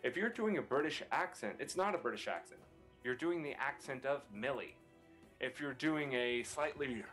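A man with a mid-pitched voice giving earnest advice on a panel, laying out his points and answering his own rhetorical questions. Faint music plays softly underneath. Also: animated, moderate pace. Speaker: panel guest, voice actor.

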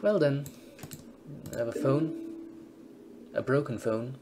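A man's voice: medium pitch, animated, slow pace, noisy background. A man casually commentating on a game he plays, reading its text aloud and adding dry, wry asides. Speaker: let's-play host.

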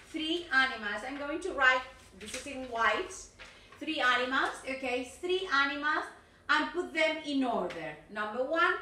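A woman's voice: high voice, sharp tone, slight background noise. A middle-aged woman teaching an English video lesson, chatty and encouraging, with frequent "okay" and "yes". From Argentina. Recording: echoey room, distant mic.

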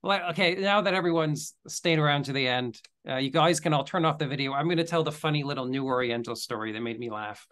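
Brief: fairly high male host, easygoing, chatty interviewer. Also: fast, hardly any pauses. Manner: relaxed, chatty, many fillers. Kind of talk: casual interview talk.

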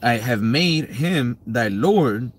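A man reading old-fashioned Bible verses aloud, slowly and carefully, during a study session. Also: medium pitch, animated, breathy edge.

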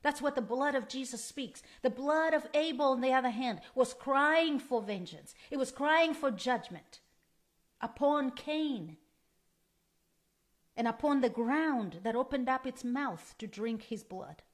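A woman's voice: high-pitched, expressive, measured pace. A woman preaching a sermon in an earnest, emphatic way, repeating key phrases for stress.

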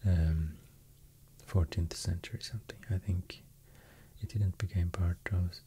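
A very dark, mellow male voice with a Swedish accent, drifting between soft speech and whisper close to the mic. He talks slowly and evenly in a low, flat register, with frequent hesitant pauses, in a soft-spoken ASMR delivery. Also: slight background noise. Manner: soft, mostly whispered, hesitant with many fillers. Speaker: ASMR host.

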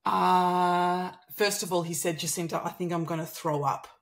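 At normal speed and in a lowish voice, an Australian woman in her thirties tells her own story as a conversation guest. She brings it to life by acting out what people said.

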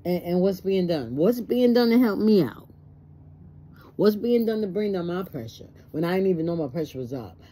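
Stressed woman vlogger, low husky dark voice, emotional and plainspoken. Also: expressive, normal speed. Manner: emotional, plainspoken, acts out both sides of conversations. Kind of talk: personal monologue to camera.

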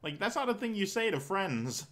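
Young male let's-player, casual commentary, jokes and swears, bright voice. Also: high voice, big pitch swings, normal speed. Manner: joking, swears, laughs at the script. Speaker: let's-play streamer. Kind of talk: casual commentary while reading a visual novel.

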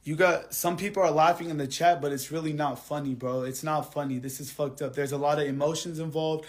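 A man venting on a live stream, his voice sitting a little high for a man. He swears constantly and circles back to the same complaints. His voice keeps sinking low and quiet, then flaring up again. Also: steady tone, brisk. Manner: angry, heavily profane venting; repetitive, drops quiet then heats up. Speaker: livestreamer. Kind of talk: live stream rant to viewers.

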